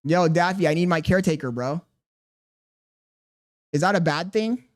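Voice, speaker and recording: A man's voice: fairly high pitch, normal speed. A young man livestreaming, talking casually and defensively to his chat, rambling and firing questions back at them.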